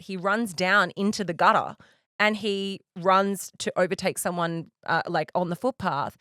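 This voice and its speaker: A woman co-hosting a podcast, telling a story with animated energy and frequent laughter. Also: medium pitch, dry recording, clean studio sound. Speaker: podcast co-host. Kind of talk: casual chat, storytelling.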